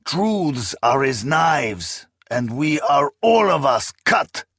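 A man voicing a scarred male warrior who speaks in a grim, measured way. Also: on the high side, big pitch swings, a bit bright, breathy edge, dry recording, clean studio sound, pitched above the performer's own voice, heavily acted.

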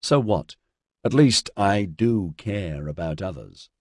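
A man's voice: sits low, lively intonation, slow pace, no echo, clean studio sound, heavily acted. A man voicing a serious, earnest young man in a storybook reading.

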